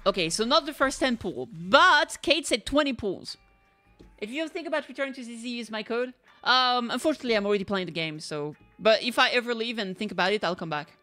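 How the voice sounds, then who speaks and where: A young woman streamer reacting loudly to game pulls, talking to the screen and shouting when things go wrong. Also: on the high side, a little fast, soft background music. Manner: excitable, yells at the game. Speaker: gaming streamer.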